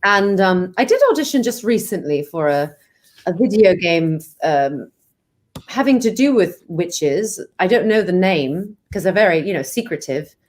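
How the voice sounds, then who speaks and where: A woman's voice: on the low side, lively intonation, unhurried, darkish tone. A woman chatting playfully with fans on a video call, as the host of the event. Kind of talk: casual video call chat.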